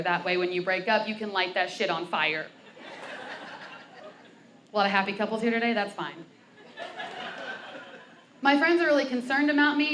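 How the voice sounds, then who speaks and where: A woman's voice: mid-range voice, a bit bright, a little hiss or hum. A young woman performing a bawdy stand-up set on a brewery stage, telling stories with acted quotes. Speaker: stand-up comic. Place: brewery comedy stage before a live crowd.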